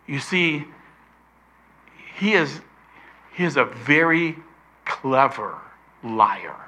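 An older man preaching a sermon, emphatic, slowing down to stress key words. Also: mid-range voice, lively intonation, sharp tone, husky.

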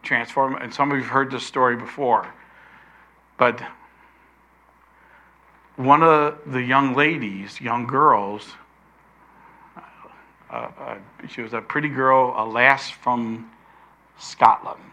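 Slow, emphatic older male preacher. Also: mid-range voice, steady tone, bright, forceful tone. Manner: emphatic, slows down to stress key words. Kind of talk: sermon.

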